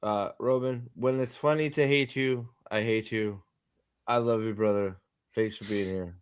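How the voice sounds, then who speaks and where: A man's voice: fairly low pitch, steady tone, measured pace, clean tone. An Australian man in casual book-club chat, joking crudely and swearing a lot. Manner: swearing, joking, mock-voicing characters. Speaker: podcast co-host.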